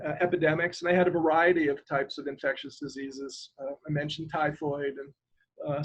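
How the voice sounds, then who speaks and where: An older man from Ireland speaks as an interview guest in a rambling, hesitant way, stopping now and then to spell out a name. His voice sits a little high for a man and has a husky edge. The sound is dull and lo-fi, like an ordinary video call. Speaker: guest, retired government lawyer.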